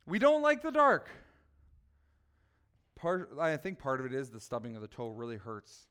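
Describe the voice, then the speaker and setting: A man preaching a lively sermon that asks the listeners questions. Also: mid-range voice, moderate pace, clean tone. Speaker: children's preacher.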